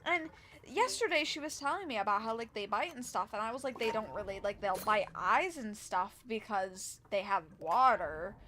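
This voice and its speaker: A woman's voice: medium pitch, lively intonation, moderate pace, bright, forceful tone, a little hiss or hum. A young woman streaming a game and telling a rambling, exasperated story about work, full of restarts and fillers. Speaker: live streamer. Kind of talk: casual storytelling while gaming.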